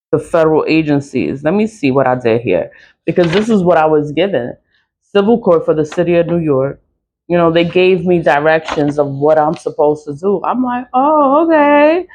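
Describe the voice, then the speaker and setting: A woman's voice: on the low side, warm tone, slight background noise. A woman ranting casually to camera, frustrated and blunt, swearing freely as she talks. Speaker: litigant talking to camera.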